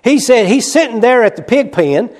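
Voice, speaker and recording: A man preaching a sermon. He swings between loud, quick emphasis and hushed, slow passages, and repeats key phrases. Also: very high voice, lively intonation. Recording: long reverb of a large hall.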